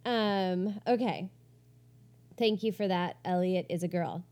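A woman's voice: lowish voice, takes it slowly, darkish tone. A woman co-hosting a podcast, chatting casually and reading listener reviews aloud in a bubbly, giggly way with many fillers. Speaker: podcast co-host.

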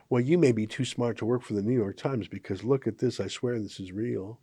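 Male commentary host from Canada, sarcastic and mocking, animated pitch, dry close sound. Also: brisk, husky, no echo. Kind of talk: opinion commentary monologue.

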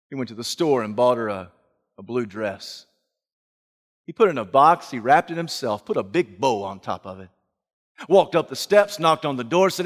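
A male preacher telling a story in a sermon, swinging from hushed, slow lines to loud shouting. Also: medium pitch, big-room sound.

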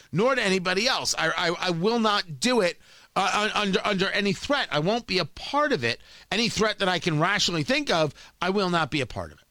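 A man with a high, bright voice delivers an emphatic talk-show monologue, his pitch swinging widely as he stresses points. He often stumbles and repeats words before pressing on. The sound is dry and close, with no room around it. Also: no room sound. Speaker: radio talk host. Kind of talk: opinionated monologue.

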